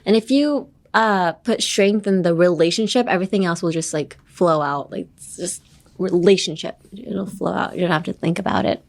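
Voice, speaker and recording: A woman's voice: lowish voice, normal speed, gravelly, hardly any pauses. Woman, podcast English teacher, playful and teasing, bilingual asides. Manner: playful, teasing, laughs often; switches between English and Japanese.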